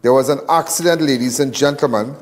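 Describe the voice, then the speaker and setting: A man's voice: mid-range voice, a little fast. A man with a Trinidadian accent hosting a live crime show, talking in a loose, rambling, lecturing way.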